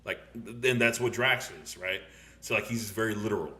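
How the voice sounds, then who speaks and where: An excitable young man chatting casually as a podcast host, his voice bright and forceful. He swears freely and breaks into laughter as he rattles on. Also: lowish voice, a little fast. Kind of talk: casual movie review chat.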